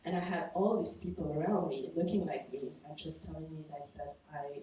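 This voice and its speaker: Woman storyteller from Belgium, low-ish voice, chatty and wry, recorded live from across a very echoey room. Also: fairly quick, dark tone. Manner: casual and conversational, laughing at her own lines. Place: stage at a live storytelling event. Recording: echoey room from far off, faint noise.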